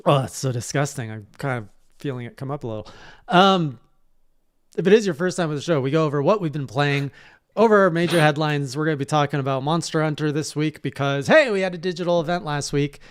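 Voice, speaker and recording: A man's voice: a little high, quick pace. A man hosting a podcast in casual chat, teasing his co-hosts with wry remarks before steering into the show's introduction. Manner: wry, teasing, keeps the show on track. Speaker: podcast host.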